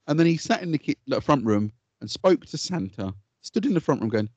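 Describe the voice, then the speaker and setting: A man co-hosting a podcast, chatting casually, swearing freely and telling animated stories. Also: medium pitch, a little fast, hardly any pauses, no echo, dull audio. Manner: swears freely, animated storytelling with put-on quotes. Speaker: podcast co-host. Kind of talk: casual chat.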